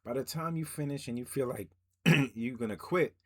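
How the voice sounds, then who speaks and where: A commentator who reacts to a story with brief, plain remarks. He keeps a steady, matter-of-fact delivery. He sounds like someone explaining how things usually go. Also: medium pitch, moderate pace, slightly rough.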